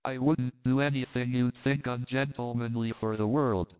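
A man's voice: medium pitch, steady tone, moderate pace, smooth, natural voice. A man voicing an airy, gallant young American man. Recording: phone-like thin sound.

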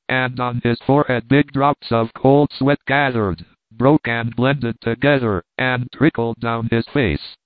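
A man reads a classic storybook aloud at a steady, even pace, in a mid-pitched voice. The sound is narrow and tinny like a phone line, and completely dry with no room at all. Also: no echo. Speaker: narrator. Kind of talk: audiobook narration.

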